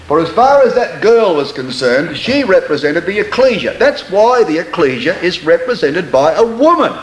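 A man delivering a sermon with a fairly high, very lively voice that swoops up and down. He leans hard on chosen words and slows right down on them, and he reads scripture in a stately, measured cadence. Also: echoey room, rough recording. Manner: emphatic, slow deliberate stresses on words. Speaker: preacher.

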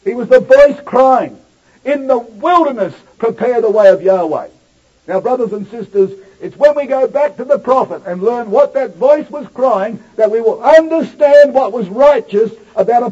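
Male preacher, high husky voice, dramatic sermon delivery, dull lo-fi sound. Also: normal speed, a little mellow. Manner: dramatic, emphatic delivery with sudden swells and drops. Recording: dull lo-fi recording.

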